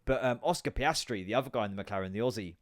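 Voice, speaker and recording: A British podcast host in his thirties chats casually in a fairly low voice at a quick clip, recorded with a dry, close sound. A comedic stand-up type, he jokes, swears and rambles through plenty of asides.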